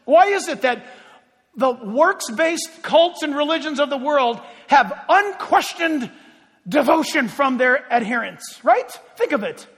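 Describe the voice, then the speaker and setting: A man's voice: extremely high pitch, animated, a little slow, a bit bright, in a large hall. A pastor preaching a sermon to his congregation, talking directly and putting rhetorical questions to them.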